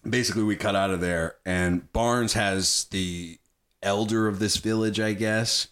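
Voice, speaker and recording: A man's voice: lowish voice, fairly even intonation, unhurried, a bit bright. A man in a casual chat about a film, talking with animation, swearing freely and acting out quotes as he retells scenes.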